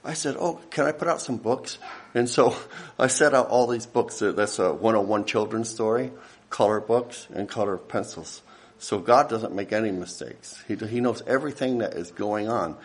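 A man with a fairly low voice gives a casual slideshow talk about his mission work. He rambles from story to story, restarting his sentences and chuckling along the way. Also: normal speed. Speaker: missionary giving a ministry update.

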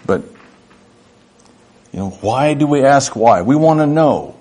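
A man's voice: mid-range voice, expressive, measured pace, warm tone. A middle-aged man preaching a sermon in an earnest, conversational way, acting out little dialogues. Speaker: pastor.

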